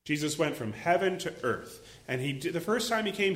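A man preaching a sermon as a pastor, animated, acting out little voices and exclaiming as he goes. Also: on the high side, normal speed, few pauses, roomy sound.

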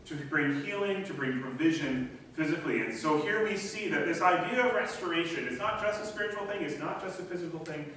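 A man preaching a sermon as pastor, reading scripture aloud slowly and with emphasis. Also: high voice, a bit bright, slight background noise. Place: church sanctuary. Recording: echoey church from a distance.

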